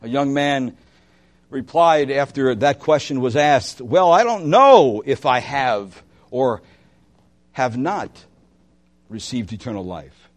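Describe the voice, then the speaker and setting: A man preaching a sermon as pastor, impassioned, moving between loud emphatic lines and hushed ones, asking his listeners direct questions. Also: mid-range voice, lively intonation, takes it slowly, pauses often.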